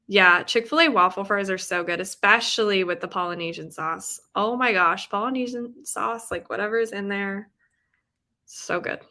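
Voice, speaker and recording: Young female streamer, bubbly and giggly, bright voice, casual chat with viewers. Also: medium pitch. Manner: bubbly and chatty, laughs often. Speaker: livestream host reading with viewers. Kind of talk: casual chat reading chat messages aloud. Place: home, with rain sounds.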